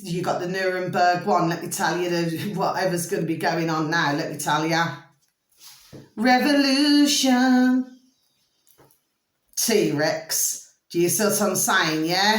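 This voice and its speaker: A woman's voice: low voice, echoey room. A middle-aged woman vlogging in a rambling, emphatic monologue, repeating pet phrases and often breaking into giggles. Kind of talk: rambling casual monologue to camera.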